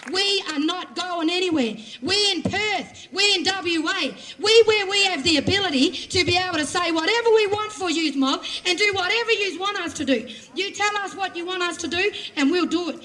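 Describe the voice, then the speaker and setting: An Australian woman from Western Australia giving an impassioned, confrontational protest speech at an outdoor rally. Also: extremely high pitch. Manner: forceful, confrontational, repetitive emphasis. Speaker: rally speaker. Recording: crowd noise around a rally. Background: crowd.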